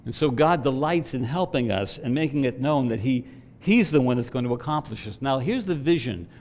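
A man preaching a sermon, swelling to loud emphatic peaks and dropping to quiet asides. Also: mid-range voice, expressive, brisk. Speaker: pastor.

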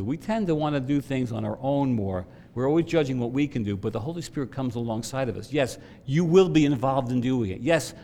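A man preaching a sermon, swelling to loud emphatic peaks and dropping to quiet asides. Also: mid-range voice, a little hiss or hum. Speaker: pastor.

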